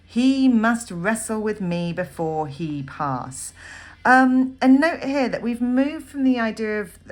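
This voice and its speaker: A woman teaching a poem in a recorded lesson, thinking aloud with frequent ums and pausing as she annotates notes on the page. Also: mid-range voice. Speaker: literature teacher. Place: at a desk writing notes.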